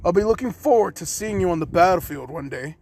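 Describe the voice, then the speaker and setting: A man doing a gruff, threatening big-brother leader. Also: sits high, expressive, fast, darkish tone, slight background noise. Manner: blunt, threatening, crude.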